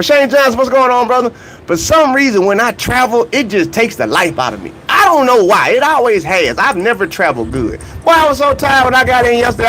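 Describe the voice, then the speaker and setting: A man's voice: very high-pitched, sharp tone, slight background noise, rough recording. A man hosting a casual livestream vlog about track and field, greeting chat viewers by name and talking in loose slang. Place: outdoors near a hotel, humid weather.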